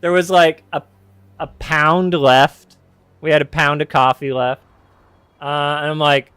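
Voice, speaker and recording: A man's voice: a little high, measured pace, pauses often, a bit bright, clear, resonant tone, no room sound. A man casually telling a personal story on his podcast, rambling and correcting himself with wry candor.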